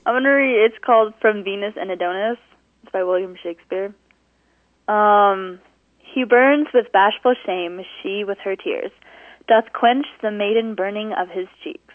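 A woman's voice: medium pitch, unhurried, no echo. A woman calling in to a radio show by phone, bubbly and giggly, reading a poem aloud. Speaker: caller. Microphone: telephone. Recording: tinny phone line.

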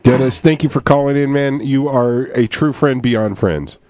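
A man's voice: mid-range voice, moderate pace, a little mellow, no room sound. A man hosting a poetry radio show, bantering loosely and laughing often with his co-hosts.

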